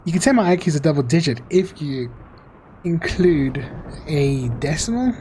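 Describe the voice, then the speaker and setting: A man's voice: fairly high pitch, animated, moderate pace, darkish tone, slight background noise. Easygoing man streaming a game. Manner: easygoing, self-mocking, chatty. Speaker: gaming streamer. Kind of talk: casual Let's Play commentary reading chat. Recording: faint music behind voice.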